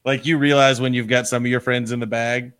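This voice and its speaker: A man's voice: mid-range voice, level tone, brisk, a bit bright. Dry, teasing man on a podcast. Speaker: podcast co-host. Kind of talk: casual chat.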